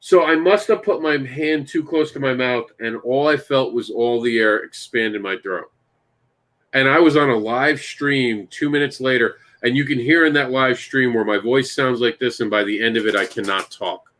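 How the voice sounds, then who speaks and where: A man at an ordinary middle pitch, talking in a loose, chatty way. He hosts the show and tells long stories with lively energy. He keeps turning to his co-hosts and asking them questions. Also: normal speed. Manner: animated storyteller, talks to co-hosts by name. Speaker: podcast host and comic creator. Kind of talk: casual chat.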